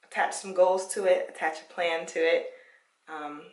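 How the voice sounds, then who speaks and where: A woman's voice: on the low side, fairly even intonation, normal speed, reverberant, distant mic. A young woman chatting casually at home while taking out her hair, encouraging and laughing often. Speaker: vlogger. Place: her parents' home, indoors.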